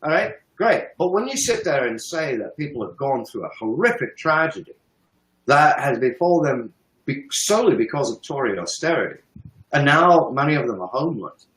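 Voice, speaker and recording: A man's voice: mid-range voice, sing-song, normal speed, a bit bright, echoey room, rough recording. A British man giving sarcastic, profane political commentary on a livestream, mocking and emphatic. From United Kingdom.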